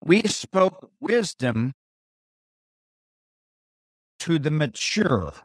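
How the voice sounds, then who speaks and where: A man teaching through a Bible passage verse by verse, deliberate and pausing, repeating key phrases for emphasis. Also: fairly high pitch, big pitch swings, slightly rough, no echo, studio quality. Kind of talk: slow expository Bible teaching.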